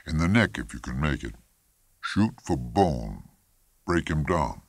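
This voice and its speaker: A man's voice: very deep voice, very animated, a little slow, husky, no room sound, exaggerated voice. A man reading a story aloud, voicing a curt, confident professional hunting guide who talks in clipped phrases. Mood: brisk. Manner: clipped, terse.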